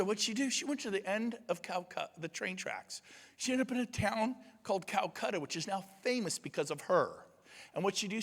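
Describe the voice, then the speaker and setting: A man giving a motivational speech at a conference, emphatic and swinging from loud shouts to quiet asides. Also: a little high, in a large hall. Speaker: conference speaker. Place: large conference room.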